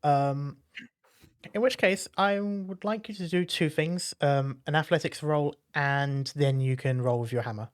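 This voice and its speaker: A game master narrating a tabletop fantasy game in an unhurried, conversational way, often pausing to find the next word. The delivery sits at a middle pitch and moves at a slow pace. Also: clear, resonant tone. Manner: relaxed narration with frequent hesitations.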